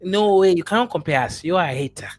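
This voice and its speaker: A man's voice: high-pitched, animated, fast. A man from Nigeria hosting a casual group chat, joking and boastful in banter. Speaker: host.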